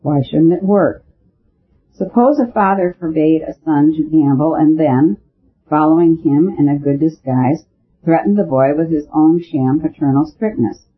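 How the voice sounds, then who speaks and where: A shrewd little priest speaks in a calm, patient, slightly gloomy way, as a male reader gives him voice. The tone is husky and a touch high, squeezed into a narrow, phone-like band. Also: unhurried.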